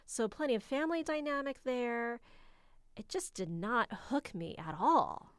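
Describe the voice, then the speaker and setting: An American woman co-hosting a casual film review, opinionated and quick to laugh. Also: a little high, sing-song, smooth, dry recording, studio quality. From United States.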